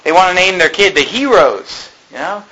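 A man preaching a fiery sermon, rising to shouts at his peaks and dropping to a conversational tone for stories. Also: sits high, expressive, normal speed, rough recording. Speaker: pastor.

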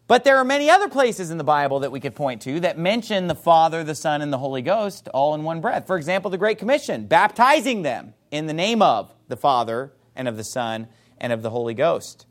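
A man preaching a sermon, reading scripture emphatically and playfully mimicking his opponents in excited voices. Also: on the high side, a little fast. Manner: reads scripture aloud in a rising, emphatic voice.

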